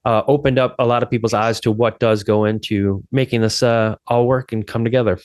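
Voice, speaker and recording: A man's voice: medium pitch, steady tone, brisk, a little mellow, no room sound, studio quality. A man hosting a podcast, talking in a casual, earnest, rambling way. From Chicago area. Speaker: podcast host.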